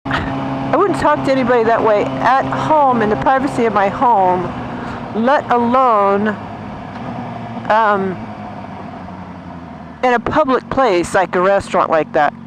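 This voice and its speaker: A woman's voice: a little high, animated, unhurried, long pauses. A woman vlogger chatting indignantly while riding a motorcycle on the road, in a casual rant. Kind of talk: ranting casual monologue. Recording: loud road and engine noise.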